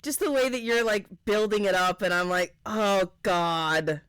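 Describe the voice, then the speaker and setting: A woman's voice: mid-range voice, fairly quick, fairly bright tone, smooth, no echo, clean studio sound. A woman co-hosting a podcast, chiming in with short questions and reactions in casual chat. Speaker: podcast co-host.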